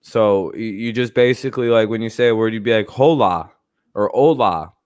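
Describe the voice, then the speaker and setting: A man's voice: fairly low pitch, level tone, quick pace, a little mellow, clear, resonant tone, no echo. A man hosting a casual livestream, rambling loosely and swearing freely, with frequent laughs. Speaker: streamer host.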